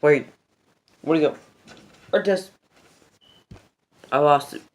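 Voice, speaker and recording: A gaming video host giving casual game recommendations, rambling and excitable, often losing the thread mid-sentence and restarting. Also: medium pitch, takes it slowly. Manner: rambling and excitable, repeats "freaking epic".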